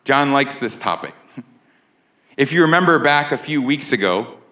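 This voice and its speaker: Bright-voiced pastor preaching in a roomy hall. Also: male voice, mid-range voice, animated, moderate pace. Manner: conversational, keeps asking the audience "right?". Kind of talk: sermon. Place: church sanctuary with a live congregation.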